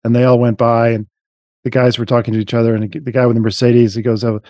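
A man's voice: mid-range voice, flat delivery, quick pace, no room sound, lo-fi sound. A man co-hosting a podcast in casual chat, rambling with many restarts and fillers.

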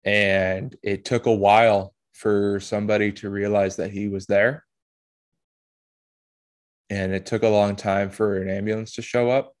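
A man hosting a podcast, telling a personal story in an emotional, halting way with blunt swearing. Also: fairly low pitch, level tone. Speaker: podcast host.

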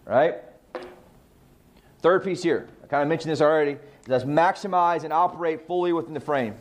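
Guy running a sales training, emphatic, asks and answers his own questions, voice a bit on the high side. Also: normal speed. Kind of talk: coaching talk to agents.

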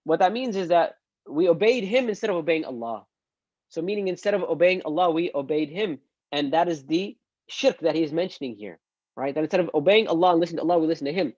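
A male Islamic teacher giving an online religious lesson, animated and acting out quoted speech. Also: on the high side, fast talker, dry recording, muffled recording.

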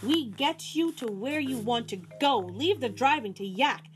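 A woman's voice: high-pitched, lively intonation, measured pace, soft background music. A woman voicing a chatty male yak taxi driver who rambles on without stopping, in an indignant, self-important way. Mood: rambling.

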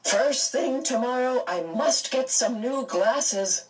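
A woman voicing a gentle, serious middle-aged father in a storybook, low and measured. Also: lively intonation, distant mic. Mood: grave warmth.

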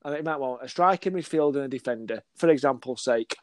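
A man who works as a football scout tells stories in a casual podcast chat, acting out dialogue and laughing often as an animated storyteller. His medium-pitched voice is fast, recorded with no echo.

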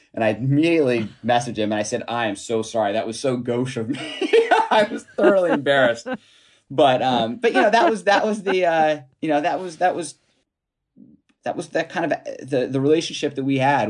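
A man telling a story as an interview guest, halting with many restarts and chuckling now and then. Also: medium pitch. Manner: animated, chuckling while telling anecdotes. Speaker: author and guest.

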